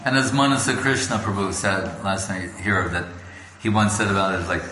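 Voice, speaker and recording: Bright-voiced man giving a devotional talk. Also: sits low, normal speed. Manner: storytelling, acts out quoted voices. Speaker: spiritual lecturer. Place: gathering hall. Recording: echoey room with faint background noise.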